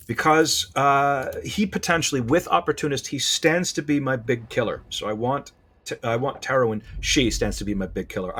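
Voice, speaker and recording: A man giving casual game commentary, animated and thinking aloud, often correcting himself. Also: mid-range voice, slightly rough. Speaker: gameplay commentator.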